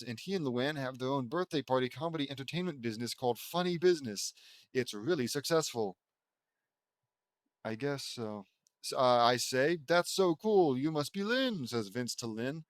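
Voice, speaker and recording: Mid-range and expressive, with no room sound, a man gives a sarcastic comedic dramatic reading of fan fiction. He mocks the text through exasperated asides and brief put-on voices.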